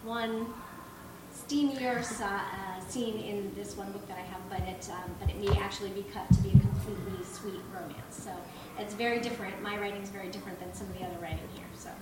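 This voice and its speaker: A woman's voice: mid-range voice, fairly even intonation, brisk. A woman author introducing her books at a live panel, bubbly and full of fillers. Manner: bubbly, many fillers, giggly asides. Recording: echoey room, far from mic, noisy.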